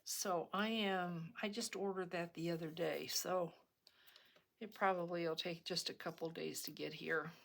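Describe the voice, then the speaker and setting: A middle-aged woman talks through a craft project in a relaxed, rambling tutorial style, often stopping on an um or starting a sentence over. She speaks at an unhurried, slow pace, and her voice sits a little low for a woman. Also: gravelly. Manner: chatty and rambling, with frequent ums and restarts. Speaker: crafting video host.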